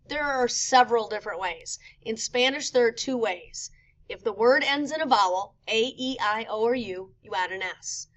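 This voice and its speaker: A woman teacher explaining grammar rules step by step in a recorded lesson, slowing down to spell out examples. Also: on the high side, fairly bright tone, highs cut off. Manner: clear, methodical explaining with slow spelled-out examples. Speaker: Spanish teacher.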